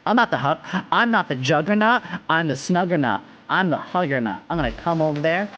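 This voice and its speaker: A young woman streaming live, chatting casually with her viewers in an excitable, giggly way, jumping between high squeals and low mutters. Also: brisk, dull audio, slight background noise.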